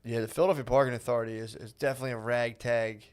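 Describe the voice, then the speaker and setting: A man in his thirties co-hosts a casual podcast in a middle-pitched voice. He tells crude, profane stories about arguments with strangers and acts out each side of them. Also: fairly even intonation, racing, clean tone. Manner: profane storytelling, acting out quoted arguments. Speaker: podcast co-host.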